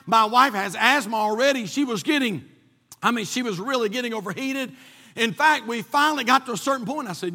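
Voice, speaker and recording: A bright, high-pitched man preaching in a church. He tells a folksy story, restarting and repeating himself often. His voice rings out with a long hall reverb behind it. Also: brisk. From North Carolina. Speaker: pastor. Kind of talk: sermon with a personal story.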